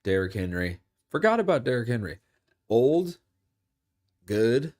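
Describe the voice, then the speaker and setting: A young man casually commenting on football games during a live stream, rambling and jokey, with sudden excited yells at big plays. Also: medium pitch, a little slow.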